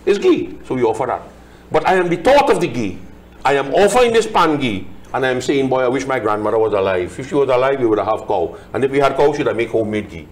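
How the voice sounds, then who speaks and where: Pandit explaining scripture. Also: male voice, mid-range voice, sing-song, fast. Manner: explanatory, chants verses then translates line by line. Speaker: Hindu pandit discussing scripture. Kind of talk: religious discussion, reciting Sanskrit verses.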